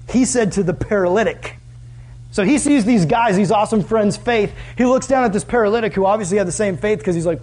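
A man's voice: sits high, a little mellow. A man preaching a sermon as pastor, casual and conversational, asking the listeners many questions.

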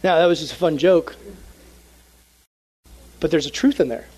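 Young man preaching, high voice, animated storytelling, energetic sermon. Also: normal speed, poor audio. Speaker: youth pastor.

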